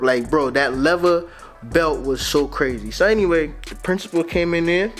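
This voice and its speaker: A man's voice: a little high, moderate pace, soft background music. A young man from Grenada with a Grenadian Caribbean accent mixed with American slang, telling a casual storytime in a loose, conversational way. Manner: loose and conversational, laid-back slang, frequent "you feel me". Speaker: vlogger.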